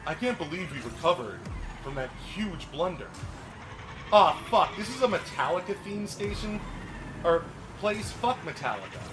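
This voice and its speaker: A man streaming a racing game, commenting casually, swearing often and breaking into yelps and shouts. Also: high voice, moderate pace, over music. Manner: excitable, swears a lot, bursts into yelps and shouts. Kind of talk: live gameplay commentary. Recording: noisy game stream audio.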